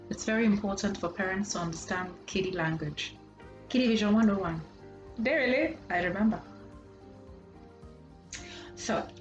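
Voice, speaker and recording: A woman from Nigeria giving a casual psychology lesson, animated and acting out parents' voices. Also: medium pitch. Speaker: psychology lecturer. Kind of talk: casual teaching talk. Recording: echoey room with faint music.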